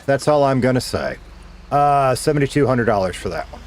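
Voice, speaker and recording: A man's voice: mid-range voice, lively intonation, brisk. A middle-aged man, a former radio DJ, casually chatting with viewers while streaming a game, laid-back and swearing now and then.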